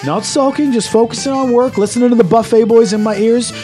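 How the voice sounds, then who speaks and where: A Canadian man co-hosting a podcast in casual banter, ranting loudly and swearing a lot. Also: extremely high pitch, brisk, faint music behind. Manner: loud, ranting, heavy swearing. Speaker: podcast co-host.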